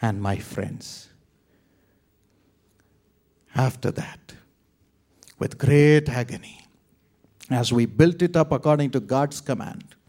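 A man from India delivers a sermon in slow, measured phrases. He tells his story with high drama, rising to loud cries and then dropping to near-whispers. His voice sits at an ordinary pitch. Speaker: preacher. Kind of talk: sermon testimony.

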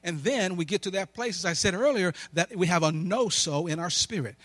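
With a high-sitting, slightly bright voice and a fairly quick delivery, a man preaches a sermon full of personal stories. He is emphatic and uses call-and-response, often posing questions and answering them himself, and the recording has no room sound.

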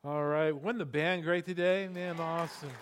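A middle-aged man preaching a sermon in a lively, conversational way, with frequent asides to the congregation. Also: a little high, moderate pace, a little hiss or hum. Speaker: pastor. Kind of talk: sermon with storytelling.

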